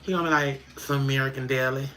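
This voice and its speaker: A man's voice: fairly even intonation, quick pace, sharp tone, a little hiss or hum, natural voice. A man playing a homey middle-aged Southern woman with an Alabama accent, chatting casually to a livestream audience at home in folksy dialect. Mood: chatty. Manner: coos at the dog in a high voice, folksy dialect. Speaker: livestream host. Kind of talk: casual livestream chat in character.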